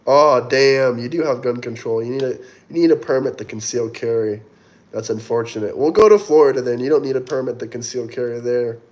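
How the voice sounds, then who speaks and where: Guy rambling on a livestream, reading chat comments out loud, middle-pitched easy voice. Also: brisk. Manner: chatty, rambling, reads viewer comments aloud.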